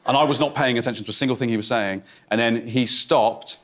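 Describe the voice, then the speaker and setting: A man's voice: medium pitch, steady tone, fast. A man doing stand-up comedy in a theatre, talking in a hesitant, awkward, mock-intimate way with sudden outbursts. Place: theatre stage before a laughing audience. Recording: loud crowd laughter in a theatre. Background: audience laughter.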